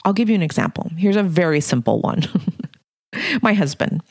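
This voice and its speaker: Woman, middle-aged, low-pitched, blunt and candid, dry close sound. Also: lively intonation, moderate pace, dry recording. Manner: blunt, candid, mildly profane. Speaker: podcast host and leadership coach. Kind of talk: casual monologue.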